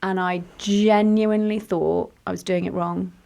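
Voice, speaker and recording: A woman's voice: medium pitch, steady tone, unhurried, vocal fry, darkish tone. A woman, hosting a podcast interview and telling stories with enthusiasm. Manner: enthusiastic, storytelling, laughs often. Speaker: podcast host. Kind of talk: conversational interview.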